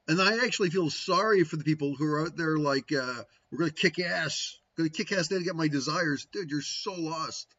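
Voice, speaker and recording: A man's voice: fairly high pitch, fairly bright tone. Guy rambling about spirituality, keeps saying right?, bit muffled audio. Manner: rambling, frequent "right?" tags, musing. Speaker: spiritual teacher answering viewers. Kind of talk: casual livestream talk.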